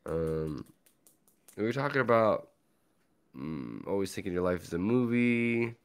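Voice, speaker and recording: A man hosting a podcast in casual chat, with a deep bear-like voice and a laid-back, rambling way of talking. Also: animated, a little slow, smooth. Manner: laid-back, rambling, lots of filler words. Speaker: podcast host.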